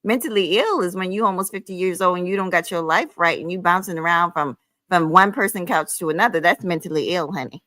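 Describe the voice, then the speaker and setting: A woman's voice: on the low side, fairly quick, bright, forceful tone, dry recording. A woman hosting her own livestream, ranting heatedly in a sassy, profane, scolding way, calling listeners honey and child. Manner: emphatic, with frequent "honey" and "child". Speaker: livestream host.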